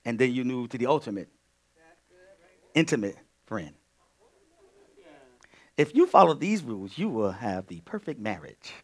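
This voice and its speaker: A male pastor teaching a sermon in an animated way, dropping to quiet asides and then rising to loud, emphatic bursts. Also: mid-range voice, measured pace, long pauses.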